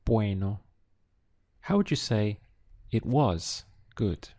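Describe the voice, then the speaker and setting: In a slow, deliberate audio language lesson, a male teacher with a low, dark, mellow voice poses a phrase to translate, pauses, then calmly gives the answer. He speaks in a measured, unhurried way and sometimes breaks words into syllables for practice.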